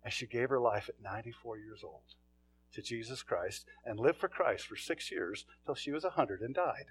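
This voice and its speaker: A man preaching a sermon, telling stories in a folksy, plain-spoken way and swinging from quiet asides to loud calls. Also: mid-range voice, animated, normal speed, breathy edge. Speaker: pastor.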